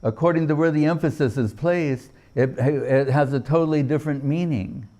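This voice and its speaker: An older man teaching a spiritual class, speaking freely and haltingly, often restarting as he searches for words. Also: a little high, warm tone.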